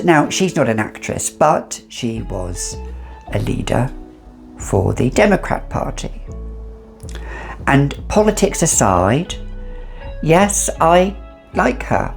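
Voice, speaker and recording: Very low-voiced sassy woman reviewer. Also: sing-song, slow, gravelly, long pauses, faint music behind. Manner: chatty, opinionated, sassy asides. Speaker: fragrance reviewer. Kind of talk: casual chatty review.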